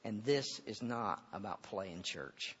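A middle-aged male pastor preaching a sermon in a church auditorium, moving from loud, impassioned preaching to hushed storytelling. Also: fairly low pitch, expressive, slow pace, breathy edge. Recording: dull reverberant hall sound.

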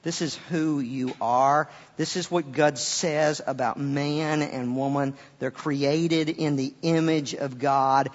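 A man preaches to a congregation, his fairly high voice ringing out in a big hall with a long reverb. The sound is a little dull and muffled. He rises to loud emphatic peaks, drops to quiet asides, and often repeats words as he goes. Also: fairly even intonation, takes it slowly, hardly any pauses. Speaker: pastor. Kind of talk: sermon.

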